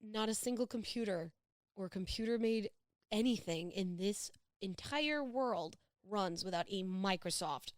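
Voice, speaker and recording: An excitable woman co-hosting a casual podcast, talking at a middling pitch. She laughs often and breaks off mid-sentence to restart her thought. The sound is dry and close, with no room around it. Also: measured pace, no room sound. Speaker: podcast co-host. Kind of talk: casual chat.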